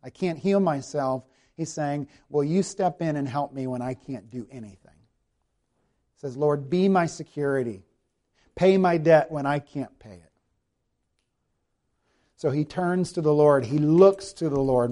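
Male pastor, expository sermon, reads scripture slowly; a touch higher than average pitch. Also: mellow. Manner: expository preaching, rhetorical questions to the congregation.

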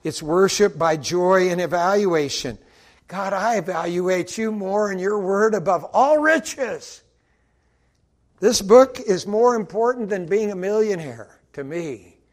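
A man delivering a sermon with a slightly high voice. He preaches with animation, acting out quotes and swinging between loud emphasis and quiet asides. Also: measured pace. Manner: animated, acts out quotes, rises and drops in volume.

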